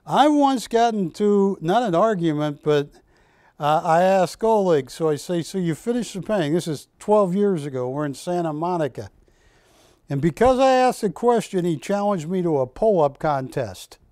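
A man's voice: high voice, expressive, moderate pace, darkish tone, no echo, studio quality. A man hosting a live shopping broadcast, chatty and enthusiastic, telling anecdotes about the art he presents. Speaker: shopping channel host.

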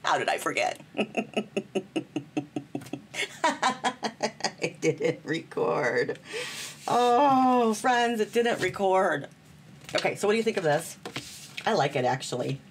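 Chatty lower-voiced woman making cards at home. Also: a little hiss or hum. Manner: chatty, bubbly, self-deprecating, talks to viewers as friends. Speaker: card-making host. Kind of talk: casual crafting demonstration.

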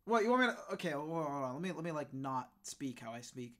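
A man streaming a casual video reaction, swearing often and breaking into laughs and loud outbursts. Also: fairly high pitch, animated, brisk, hardly any pauses.

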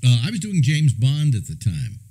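A man's voice: mid-range voice, wildly swooping pitch, normal speed, warm tone, breathy edge, rough recording. An older man from California telling rambling radio anecdotes, chuckling and restarting as he goes. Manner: chuckling, meandering storyteller with many restarts. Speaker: radio host.

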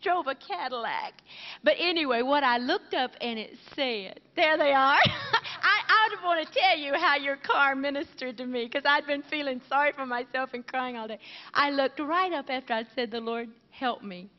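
A woman's voice: high voice, moderate pace. A woman co-hosting a Christian TV show, giving an emotional, giggly testimony to a live crowd. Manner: giggly, emotional, laughs often. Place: large camp meeting hall with live audience. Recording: 1980s TV broadcast, lo-fi, reverberant hall.

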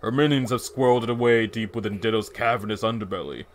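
A man voicing a serious old male sword keeper in a game playthrough, speaking in a formal, measured way. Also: lowish voice, a little hiss or hum, pitched below the performer's own voice, natural voice. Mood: grave. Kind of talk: video game voice acting.

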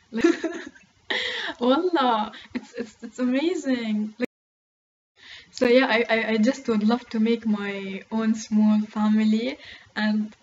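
A woman's voice: on the high side, a little mellow, dull audio, slight background noise. A young woman chatting to her camera at home, giggly and rambling, full of "like" and "oh my God". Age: young adult. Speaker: beauty vlogger. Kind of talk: casual chat to camera. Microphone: camera close to the face.

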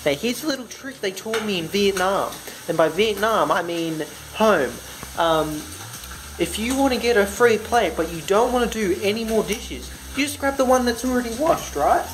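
A man's voice: sits high, expressive, normal speed, slight background noise, low-quality recording. A young man from Australia vlogging in a put-on American accent, rambling and joking at his own expense while cooking. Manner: rambling, jokey, self-mocking. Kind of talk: casual cooking vlog. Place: home kitchen. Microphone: handheld phone camera. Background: faint music and sizzling bacon.

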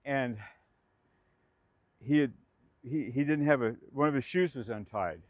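A man's voice: medium pitch, unhurried, no room sound. Rambling older man, dry and slightly dull. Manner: rambling, chatty, laughs often, restarts sentences. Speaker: former dancer recalling his theater days. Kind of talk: casual spoken reminiscence. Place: outdoors in a city park.

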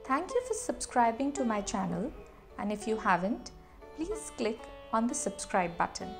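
A woman reading a children's story aloud in a slow, expressive way, as host of her channel. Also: fairly high pitch, creaky, over music.

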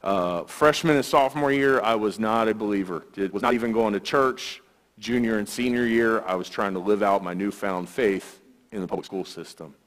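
A man's voice: fairly low pitch, moderate pace. A man giving a guest sermon in church, telling stories in a conversational way with filler words. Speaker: guest speaker, youth ministry worker. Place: church sanctuary. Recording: long church hall reverb.

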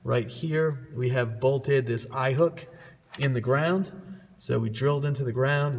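A man with a Boston accent and a slightly mellow, mid-range voice, working as a throws coach, gives a loose, casual how-to walkthrough, pointing things out on camera and correcting himself along the way. He's in the throwing area of an indoor gym, and the recording is echoey with a long reverb.

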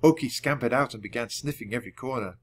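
A man reading a children's book aloud at a clear, measured storytelling pace. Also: mid-range voice. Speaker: audiobook reader.

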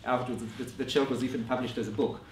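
A man giving a scholarly conference lecture in a measured way, often restarting his phrases. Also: medium pitch, steady tone, a little hiss or hum. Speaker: academic lecturer. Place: lecture room. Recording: roomy echo from a distant mic.

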